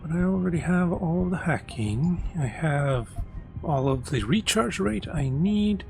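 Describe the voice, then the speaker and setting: Brief: unhurried male let's-player, slightly higher voice, wry asides, music faint behind. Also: expressive, creaky. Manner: muttering, wry, thinking aloud. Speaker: let's play host. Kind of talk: casual gameplay commentary.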